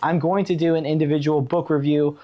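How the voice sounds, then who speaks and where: A man chatting casually on his book vlog, enthusiastic and rambling with fillers, pitching his summer reading picks. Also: steady tone, a little fast, dark tone. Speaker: book vlogger. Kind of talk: casual chat. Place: Oregon.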